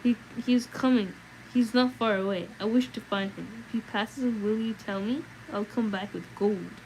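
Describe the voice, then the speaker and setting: Sinister hooded rider, slow and stiff, cold, storybook read-aloud, woman voicing him. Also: medium pitch, a little mellow, slight background noise, natural voice, low-quality recording. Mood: menacing. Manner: slow, stiff, queer-sounding.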